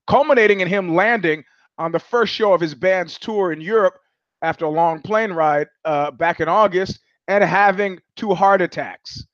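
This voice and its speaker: Casting note: New man, high voice, dry close sound, sardonic profane podcast host. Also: no echo, muffled recording. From New York. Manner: profane, sardonic, animated storyteller who acts out voices. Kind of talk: casual monologue, storytelling.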